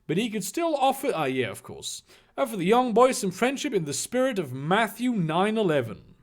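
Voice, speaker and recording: Guy reading cringey fanfic out loud w/ snarky asides, high voice, really lively. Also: normal speed. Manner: sarcastic asides, swearing. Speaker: reader. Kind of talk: comedic reading of fan fiction with commentary.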